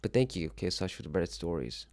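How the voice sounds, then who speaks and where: A young Korean man hosts a casual solo livestream, reacting to chat in a low, quick voice with a slight hiss or hum behind it. He rambles, jokes around, and swears freely in an animated way.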